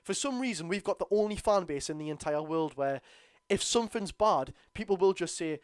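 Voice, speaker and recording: With lively intonation and a slightly fast pace, a young man from North East England rants through a live football watchalong in a strong Geordie accent. The streamer is blunt, exasperated and outspoken, his voice high for a man with a clean tone, recorded dry and close with no room sound.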